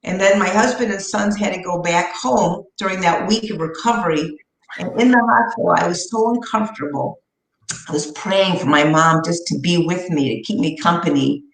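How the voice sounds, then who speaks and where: A middle-aged woman, a guest in an interview, telling personal stories in an earnest, heartfelt way and slowing down for emphasis. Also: fairly low pitch. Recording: roomy echo.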